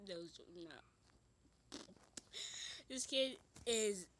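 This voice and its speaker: A young woman drawls through funny kids' notes at a very slow pace, her voice bright and lively in pitch. She keeps slipping into incredulous whispered asides. A faint hiss sits under the recording. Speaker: vlogger.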